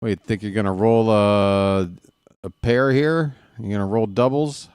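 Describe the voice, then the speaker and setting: A man's voice: lowish voice, a little slow, clear, resonant tone, no echo, studio quality. Trash-talking man at a dice game. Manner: excitable trash talk, muttering then yelling at opponents. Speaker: streamer and play-by-play host. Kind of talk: casual live-stream commentary while playing a dice game.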